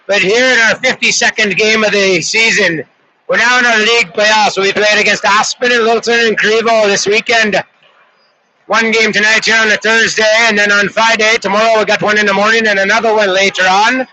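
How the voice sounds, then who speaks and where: A man's voice: high-pitched, sharp tone, rough recording. A middle-aged Canadian man calling a youth hockey game in a put-on Irish accent, chatty and playful with rambling asides. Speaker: hockey play-by-play announcer. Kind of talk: joking live game commentary.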